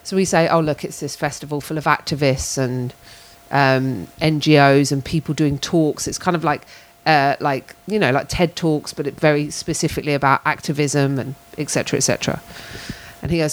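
A woman's voice: sits low, a little fast. A woman telling a story in casual chat, acting out the people in it. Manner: animated storyteller, acts out voices. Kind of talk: casual anecdote.

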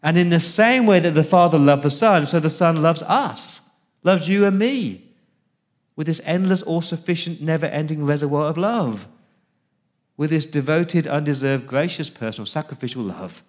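A man preaching a sermon as pastor, earnest, reading scripture slowly and dropping to a hush on key words. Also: fairly high pitch. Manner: reads scripture slowly and deliberately.

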